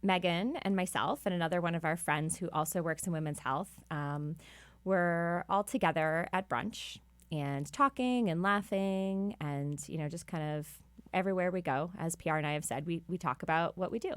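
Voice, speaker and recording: A woman's voice: fairly low pitch, moderate pace, no echo. A woman, a midwife co-hosting a podcast, chatting and telling stories in a casual way.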